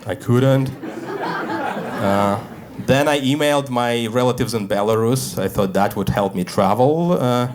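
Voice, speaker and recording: A man doing a stand-up set in a comedy club, deadpan and self-deprecating, acting out the voices he quotes. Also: mid-range voice, measured pace. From Russia. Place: comedy club stage with a live audience. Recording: live club recording with crowd laughter. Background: audience laughter.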